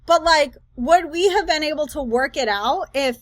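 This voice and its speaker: Woman host, high voice, rambling reaction commentary, dry close sound. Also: normal speed, dry recording. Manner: chatty, rambling, animated asides.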